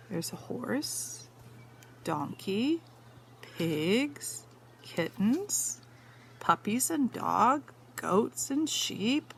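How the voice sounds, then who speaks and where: A woman's voice: a little high, slight background noise. A woman teacher reading a picture book aloud to young students, stopping to point at pictures and ask the children questions. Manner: slow, sing-song, asks the children questions.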